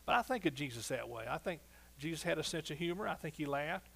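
Animated preaching pastor, fairly high voice. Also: male voice, quick pace, vocal fry. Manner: animated, swings between soft asides and loud exclaiming. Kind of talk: sermon.

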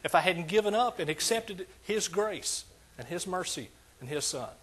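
A man's voice: high voice, animated, moderate pace, a bit bright, breathy edge. An older man preaching a sermon as pastor, emphatic and repetitive in his cadence.

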